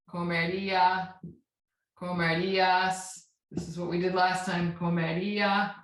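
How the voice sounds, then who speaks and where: A woman teaching a Spanish grammar lesson, patient and checking in often as she spells out verb endings. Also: fairly low pitch. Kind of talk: classroom lesson. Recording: echoey room.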